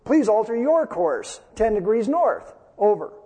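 A man doing a calm, unyielding young private. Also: high-pitched, a little slow, breathy edge, in a large hall, heavily acted. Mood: firm.

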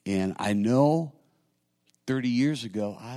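A middle-aged man preaching a sermon as pastor, talking conversationally and building to loud, emphatic peaks. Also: lowish voice, big pitch swings, slow.

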